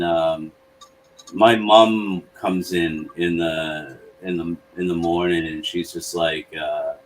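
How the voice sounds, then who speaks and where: A man hosting a podcast, telling a story in a relaxed way, often checking in with "right?". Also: low voice. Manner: relaxed, swears, says "right?" a lot. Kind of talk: casual storytelling chat. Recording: distant mic with faint noise.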